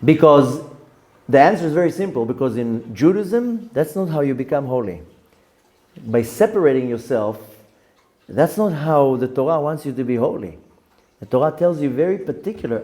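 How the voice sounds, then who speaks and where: Animated rabbi teaching with a mellow voice. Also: male voice, medium pitch, moderate pace. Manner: animated, repeats words, acts out quotes in the story. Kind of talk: Torah lesson with storytelling.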